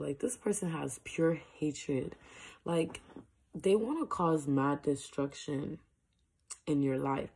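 Woman, low husky voice, slow delivery; casual spiritual talk from her bedroom, soft-spoken, full of fillers. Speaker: online prayer minister. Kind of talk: casual spiritual message to camera.

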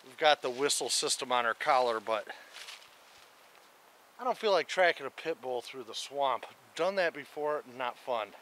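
Bright-voiced man vlogging from a forest campsite. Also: medium pitch, moderate pace, slight background noise. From Michigan. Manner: relaxed, rambling, talks to his dog. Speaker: camping vlogger. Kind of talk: casual outdoor vlog narration.

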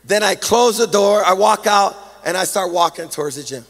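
Pastor preaching in a big church hall with long reverb, man with a high voice and a lilting, animated delivery. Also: normal speed, gravelly. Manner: animated preaching, sing-song emphasis, self-deprecating humor. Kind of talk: sermon.

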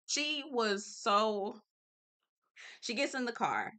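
A woman's voice: on the high side, very animated, slow, pauses often, pushed and bright. A woman hosting a casual TV recap vlog, sassy and slangy, talking straight to her viewers. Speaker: TV recap host.

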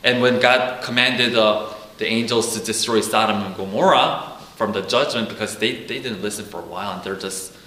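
A man's voice: on the low side, normal speed, sharp tone, echoey room, slight background noise, poor audio. A man giving an informal Bible teaching, talking casually, repeating himself and acting out quotes. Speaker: preacher.

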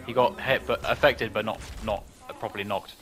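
A man's voice: fairly low pitch, fairly even intonation, moderate pace, noisy background. A man giving terse callouts and swearing at teammates during an online match. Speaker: gamer calling plays to teammates. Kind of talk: live game voice chat. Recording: game music playing behind.

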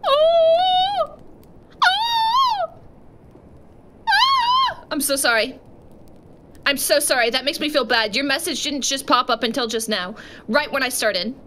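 A woman streaming a game live, chatting with viewers in an animated, jokey way with sudden yelps. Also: high voice, normal speed. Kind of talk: live gaming stream chat. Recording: noisy background.

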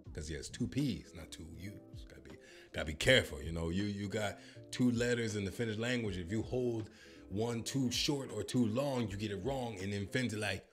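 A man's voice: on the low side, moderate pace, soft background music. A man filming a comedic reaction vlog, joking and swearing as he tries a language app. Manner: jokey, swears, bursts into mock announcer voice.

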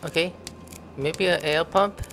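A man's voice: a little high, steady tone, measured pace, fairly bright tone, a little hiss or hum. A man giving casual let's-play commentary, thinking aloud and breaking into sudden surprised outbursts. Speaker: gameplay commentator.

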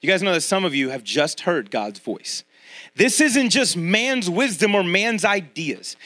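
Middle-aged guy pastor preaching casual to the church, really high voice, plays out little voices. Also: unhurried. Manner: conversational preaching, addresses congregation directly; animated, acts out quoted voices. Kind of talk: sermon.

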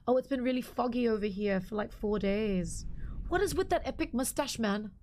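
A woman's voice: on the high side, animated, normal speed, a little mellow, a little hiss or hum. A young woman streaming a game live, chatting casually with viewers and greeting them by name while her voice is partly lost and slightly strained.

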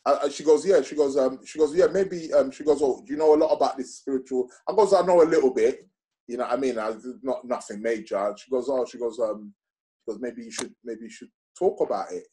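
A man's voice: medium pitch, fast. A middle-aged man telling stories in a casual interview, acting out what other people said and using lots of slang. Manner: animated, acts out other people's lines with slang-heavy talk. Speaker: interview guest. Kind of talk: casual storytelling chat.

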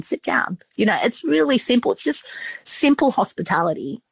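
A woman's voice: mid-range voice, expressive, normal speed, vocal fry, husky, no echo. A woman, a restaurant owner telling stories in a casual podcast interview, chatty and full of fillers. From Australia. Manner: chatty, emotional storytelling with many fillers.

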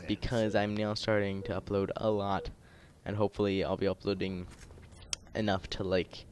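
A teenage boy who makes gaming YouTube videos rambles through casual commentary on his gameplay, full of fillers and restarts and prone to heated, frustrated rants. His slightly low, a little mellow voice shows little pitch movement at a normal speed, with a faint hiss beneath the recording.

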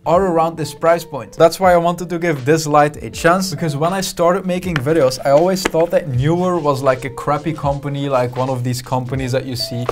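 A young man chats enthusiastically through a desk setup on a studio microphone, his voice sitting a little high. Soft music plays faintly underneath. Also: steady tone, brisk, few pauses. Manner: enthusiastic, chatty, explains while handling gear. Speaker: tech YouTuber. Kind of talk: casual gear review.

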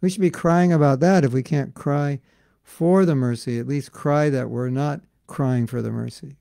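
A man teaching a devotional class in an earnest, conversational way, full of casual fillers, swinging between loud emphasis and soft asides. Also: mid-range voice, fairly even intonation, normal speed, gravelly, no room sound. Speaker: spiritual teacher.

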